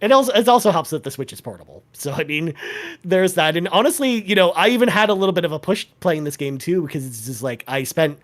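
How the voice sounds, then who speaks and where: A man's voice: fairly high pitch, expressive, fast. A young man chatting casually as a guest on a gaming podcast, rambling and correcting himself, laughing often.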